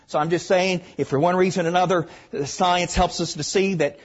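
An older man with a Southern accent, from Arkansas, preaching a sermon, stressing points loudly and then dropping to hushed asides. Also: sits high, fairly even intonation, brisk, highs cut off. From Arkansas, USA. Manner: emphatic, swings between loud stresses and hushed asides.

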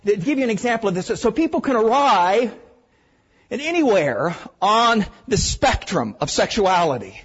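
Older man, Southern accent, preacher, emphatic sermon, husky voice, dull lo-fi recording. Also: high-pitched, very animated, moderate pace. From Arkansas, USA. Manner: emphatic, swings between loud stresses and hushed asides.

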